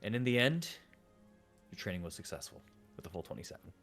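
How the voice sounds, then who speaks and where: A man's voice: on the low side, sing-song, fast, a bit bright, faint music behind. A man running a tabletop game as game master, narrating in a rambling, self-correcting way with many fillers.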